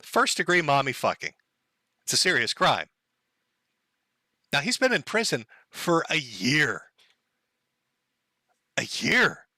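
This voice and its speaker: Man, livestream host, sarcastic mocking tone, fairly high voice, dry close sound. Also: huge pitch swings, slow pace, long pauses, pushed and bright, no room sound. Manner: crude, sarcastic and mocking, often laughing. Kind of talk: casual livestream commentary.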